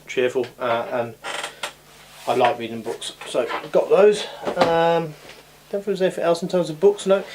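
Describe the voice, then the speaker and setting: A man's voice: medium pitch, a little mellow. A man chatting casually in a hobby vlog from his home hobby room, rambling with frequent ums and uhs, recorded on a camera mic. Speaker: scale model hobby vlogger. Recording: audible background noise.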